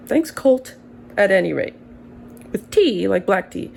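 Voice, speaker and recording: A woman in her early thirties speaks in a relaxed, warm tone with plenty of vocal fry. She drifts through a casual monologue, wandering off on tangents with dry, self-mocking humor and the odd curse. A faint hum sits behind her. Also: medium pitch, rough recording. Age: early 30s. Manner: rambling, tangent-prone, wry and profane. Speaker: vlogger.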